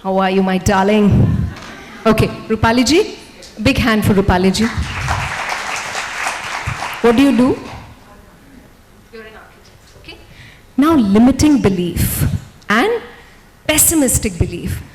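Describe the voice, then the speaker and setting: A woman giving an energetic motivational stage talk, coaxing volunteers and the audience. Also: a little high, a little slow, long pauses, long reverb tail, a faint crowd, rough recording. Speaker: motivational speaker.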